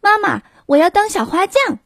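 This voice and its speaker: A woman voicing an eager young boy who starts a plant-care job, speaking in a bright, excited, insistent way. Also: extremely high pitch, normal speed, gravelly, no room sound, studio quality, voice pushed up, heavily acted.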